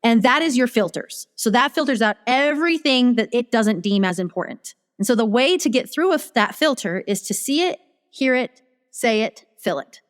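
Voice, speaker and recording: A woman's voice: on the high side, moderate pace, in a large hall. A woman guest on a casual interview, telling her story animatedly and acting out her own thoughts. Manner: animated, acts out her own inner dialogue. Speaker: guest business strategist.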